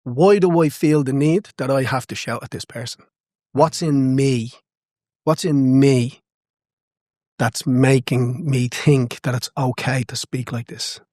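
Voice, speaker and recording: A man speaks as a passionate, emphatic guest on a podcast. His voice sits in a middle pitch and comes across dry and close, with no room sound. He keeps repeating key phrases to drive home his points. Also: measured pace, a little mellow, no echo. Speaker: guest, boxing coach and cutman. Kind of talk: conversational podcast interview.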